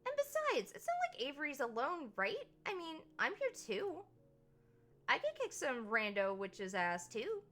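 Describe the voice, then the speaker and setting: A bubbly, boastful young influencer, chirping in a very high squeaky voice in a visual novel, as a woman puts her on. She sounds cocky and playful, well above an ordinary speaking pitch. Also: huge pitch swings, measured pace, fairly bright tone, full character voice. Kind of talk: visual novel read-aloud with character voices.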